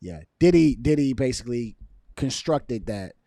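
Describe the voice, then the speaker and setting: A man's voice: medium pitch, normal speed, no echo, clean studio sound. A man hosting a vlog, reacting to news in casual, emphatic talk full of fillers. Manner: animated, emphatic, heavy on fillers.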